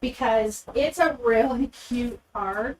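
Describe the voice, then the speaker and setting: A woman with a slightly raised voice hosts a live card-making stream from her craft table. She chats casually and warmly with viewers as she handles supplies. She sounds a little out of breath. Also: on the high side, slow, a little hiss or hum. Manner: chatty and upbeat, talks to viewers while handling supplies. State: a bit out of breath.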